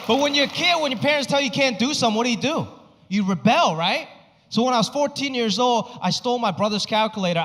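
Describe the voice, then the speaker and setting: A male stand-up comedian performing a set on a comedy club stage, animated and exaggerated, and he swears freely. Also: high voice. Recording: reverberant club with audience noise.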